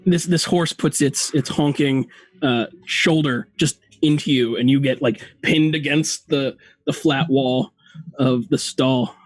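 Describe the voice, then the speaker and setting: A man running a tabletop game as game master, narrating in a halting way and laughing often. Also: medium pitch, steady tone, no echo.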